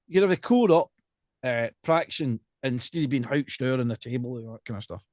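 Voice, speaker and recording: A Scottish man co-hosting a podcast, chatting casually in an animated, joking way and telling stories. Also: medium pitch, a little fast, no echo, clean studio sound. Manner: animated and jokey, tells stories with quoted asides. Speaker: podcast co-host.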